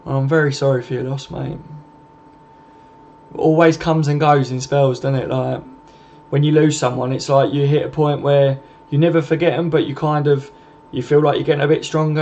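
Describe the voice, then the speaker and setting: On a laid-back live stream, a man reads viewer comments, chatting like a mate, swearing freely and calling his viewers mate. His voice is medium-pitched and a little mellow, heard through slightly muffled audio with faint noise behind it.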